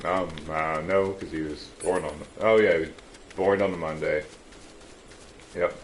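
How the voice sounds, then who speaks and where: Deep slow guy goofing off over a game, little bit of background hiss. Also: steady tone. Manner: joking, sings and clowns around. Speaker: streamer. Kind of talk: casual gaming chat.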